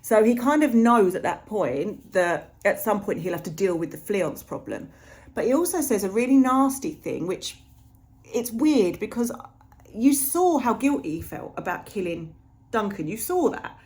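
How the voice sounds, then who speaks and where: A woman's voice: mid-range voice, big pitch swings, normal speed, darkish tone. Chatty woman teaching literature. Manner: chatty, paraphrases characters in modern slang. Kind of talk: casual lesson retelling a play.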